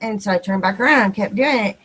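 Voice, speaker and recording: A woman with a Texan accent, probably in her thirties or forties, telling a ghost story on a podcast, quick and animated and acting out the dialogue. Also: medium pitch, slightly rough, poor audio. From Texas. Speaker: podcast guest. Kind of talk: casual storytelling.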